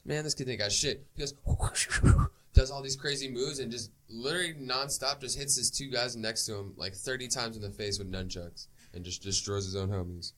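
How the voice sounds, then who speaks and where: A man's voice: medium pitch, moderate pace. A man co-hosting a podcast, casually joking about a movie with frequent profanity. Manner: lively, laughing, profane interjections. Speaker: podcast co-host. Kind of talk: casual movie review chat.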